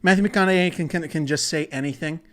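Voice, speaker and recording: A man with a fairly high voice talks fast while hosting a solo comedy podcast. He rambles and swears, often cutting himself off mid-thought.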